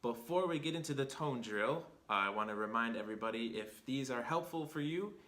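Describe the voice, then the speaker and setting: Brief: male language teacher, bright tone, patient explainer, echoey room. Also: mid-range voice, lively intonation, fairly quick. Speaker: Chinese teacher and host. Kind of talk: video lesson explanation. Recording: roomy echo.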